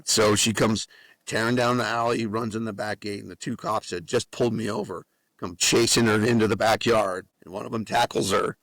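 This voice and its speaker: A man from New Mexico, a guest author and musician, telling an animated story on a podcast with a lot of swearing. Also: on the low side, brisk, no echo. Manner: animated storyteller with frequent profanity. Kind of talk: casual storytelling.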